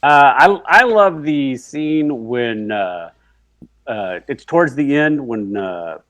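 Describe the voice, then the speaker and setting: A man's voice: medium pitch, lively intonation, slow, a bit bright, dry recording. A man co-hosting a casual movie podcast, hesitant with fillers and dry quips. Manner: hesitant, filler-heavy, dry one-liners. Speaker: podcast co-host. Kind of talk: casual movie review chat.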